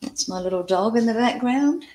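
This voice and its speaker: Recorded by a camera at her home crafting table, this craft channel host is an older woman from Scotland who speaks with an Australian accent. Her fairly high, darkish voice moves at normal speed as she chats to viewers and muses over measurements during a casual live stream; the audio is poor, with a little hiss or hum.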